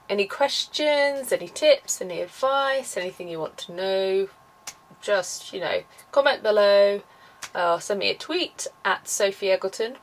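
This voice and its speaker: A woman's voice: medium pitch, poor audio. A woman talking casually to camera in a vlog, chatty and enthusiastic with lots of fillers. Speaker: vlogger.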